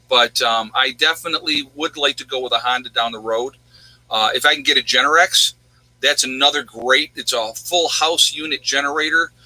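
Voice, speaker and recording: Man with a sharp, bright voice. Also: medium pitch, no room sound, low-quality recording. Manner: rambling, chatty, answers viewers' questions. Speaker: livestream host. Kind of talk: casual livestream chat.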